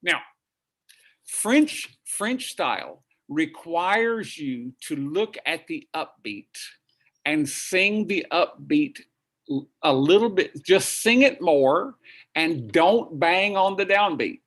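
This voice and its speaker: A man with a high speaking voice leads a virtual master class over a video call, encouraging and demonstrative. He breaks into short sung and spoken example phrases as he coaches. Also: lively intonation, slow pace, a bit bright. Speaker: vocal coach and pianist.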